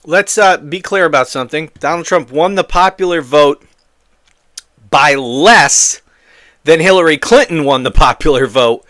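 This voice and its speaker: A man's voice: on the high side, fairly bright tone. A man hosting a political commentary show, ranting in a heated, exasperated and profane way.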